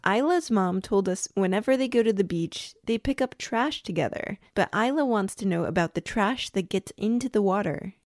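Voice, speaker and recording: A woman co-hosting a science podcast for kids, explaining things in a clear, upbeat way. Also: mid-range voice, animated, normal speed, hardly any pauses, darkish tone, no room sound, clean studio sound. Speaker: co-host.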